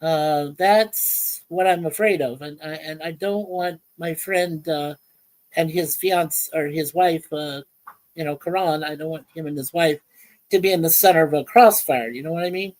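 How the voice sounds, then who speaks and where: A woman hosts a relaxed livestream chat, her voice sitting a touch low. She talks in a loose, rambling way, with many ums and restarts, and stops to greet viewers by name. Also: moderate pace, poor audio. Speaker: livestream host. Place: home in Ontario, Canada.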